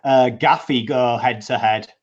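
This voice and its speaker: A man's voice: medium pitch, fairly even intonation, unhurried. A man co-hosting a casual footy chat, with laid-back, joking banter. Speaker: co-host. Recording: muffled lo-fi remote line.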